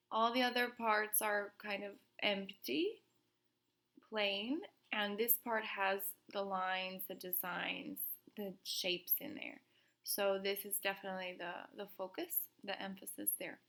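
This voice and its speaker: Woman, elementary art teacher, unhurried, bright tone, patient explaining voice. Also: medium pitch. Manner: slow, gentle and explanatory, asking questions aloud. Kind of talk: recorded art lesson for children.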